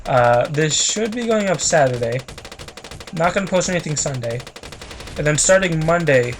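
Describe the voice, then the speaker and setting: A man's voice: on the high side, lively intonation, moderate pace, slight background noise. A man chatting through a video game as a let's play host, rambling and self-conscious, laughing easily. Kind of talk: casual gameplay commentary.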